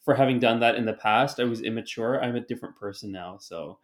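A man's voice: mid-range voice, fast, crowd noise. A man co-hosting a podcast in casual chat, rambling and self-deprecating, with many restarts and fillers, talking through earbuds on a call. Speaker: podcast co-host.

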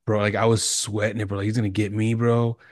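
A man's voice: fairly low pitch, little pitch movement, fast talker, no echo, studio quality. A man in casual podcast chat, laid-back and saying "bro" and "dude" a lot.

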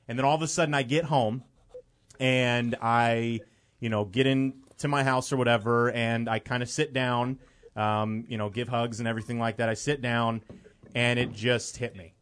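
A man's voice: medium pitch, steady tone, moderate pace, fairly bright tone. A young man from the Chicago area, a guest on a talk show, telling a personal story in an earnest, rambling way with many fillers.

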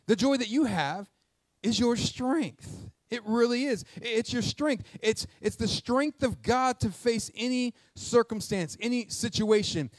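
Male pastor, energetic call-and-response sermon; high-pitched, dry close recording. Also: no echo. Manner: energetic call-and-response preaching, asks the congregation questions; jokes aside in a quiet, quick low voice. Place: church sanctuary with congregation.

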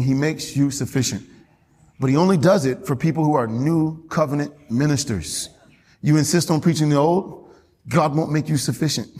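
A male pastor preaching a lively sermon in church, calling out to the congregation and repeating key phrases. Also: fairly high pitch, long reverb tail. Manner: animated, call-and-response with congregation, repeats phrases, laughs often. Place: church sanctuary.

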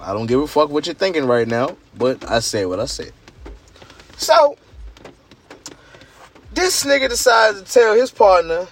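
A slightly higher-voiced man speaking. He rambles through a work story in a loose, profane monologue, jumping from loud bursts to low mutters. Faint traffic and car noise sit behind him outdoors. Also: animated, measured pace, long pauses. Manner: loose, profane storytelling with big swings in energy. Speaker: podcast host. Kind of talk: casual monologue to listeners. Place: outdoors in the rain near a parked car.

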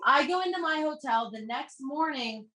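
A woman's voice: sits high, moderate pace. A young woman telling a casual personal story with lots of swearing, acting out what each person said. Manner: animated, swears freely, acts out dialogue. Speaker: podcast guest. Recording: echoey room.

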